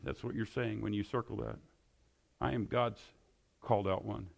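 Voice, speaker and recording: Gravelly-voiced preacher man. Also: lowish voice, steady tone, moderate pace. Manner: repetitive, emphatic questioning. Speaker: pastor. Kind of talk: sermon.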